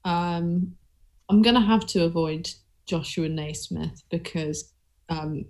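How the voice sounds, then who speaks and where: Frank, hesitant woman with a low voice. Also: takes it slowly, darkish tone. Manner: hesitant, frank, lots of ums. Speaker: co-host. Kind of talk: casual chat.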